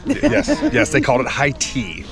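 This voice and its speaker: A man's voice: mid-range voice, wildly swooping pitch, normal speed, crowd noise. A male travel vlogger talking casually on location at a scenic lookout, effusive and rambling, often exclaiming in wonder. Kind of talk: casual on-location talk to camera.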